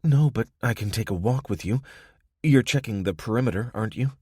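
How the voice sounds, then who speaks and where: A man's voice: medium pitch, lively intonation, a little fast, dark tone, slightly rough, no room sound, studio quality, voice pushed up. A man voicing an earnest, questioning young woman who worries for her companion.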